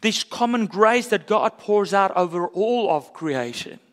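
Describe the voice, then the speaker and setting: A pastor preaching a sermon in an earnest, conversational way with casual asides. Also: male voice, high-pitched, animated, unhurried, in a large hall. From South Africa.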